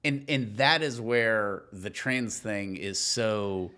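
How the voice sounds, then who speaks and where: Low-voiced joking podcast co-host man. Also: slow, sharp tone. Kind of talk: casual podcast chat.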